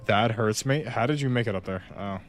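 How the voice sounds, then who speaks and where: A man's voice: fairly low pitch, a little fast, faint music behind. Joking man playing a game. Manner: joking, mock-dramatic complaints. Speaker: video game player. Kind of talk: casual gameplay commentary with a friend.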